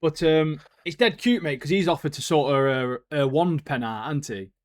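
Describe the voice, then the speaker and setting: A man's voice: on the high side, normal speed, no echo, clean studio sound. A man co-hosting a podcast in casual chat, laid-back, swearing freely and laughing often. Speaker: podcast co-host.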